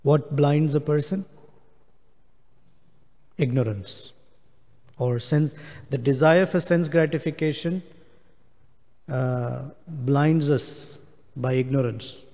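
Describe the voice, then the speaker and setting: Brief: man, scripture lecturer, slow and mellow, long hall reverb. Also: on the high side. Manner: slow, explains Sanskrit verse word by word. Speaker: speaker giving a scripture class. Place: temple hall.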